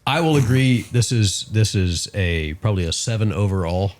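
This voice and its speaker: Laid-back low-voiced man telling a story. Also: animated. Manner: storytelling, laughing often, halting restarts. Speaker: podcast co-host. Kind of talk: casual chat. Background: other hosts chatting.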